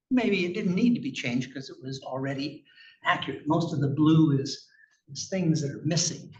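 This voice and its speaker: A man giving a conversational, emphatic conference presentation about clinical research with slides, asking rhetorical questions as he goes. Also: fairly high pitch. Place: conference room. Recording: echoey, distant, muffled room recording with faint noise.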